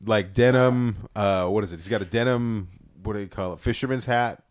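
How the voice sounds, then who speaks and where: A man's voice: lowish voice, moderate pace, smooth, no echo, studio quality. A young man casually telling a comic story on a podcast, acting out the other people in it and swearing often. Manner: animated, acts out voices, swears a lot.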